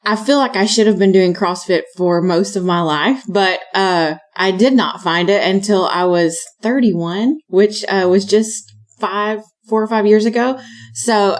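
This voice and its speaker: A woman in her thirties from Alabama with a Southern US accent, chatting loosely as an interview guest. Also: medium pitch. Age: 30s. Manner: chatty, loose storytelling with many fillers. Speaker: guest, fitness coach. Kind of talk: casual interview chat.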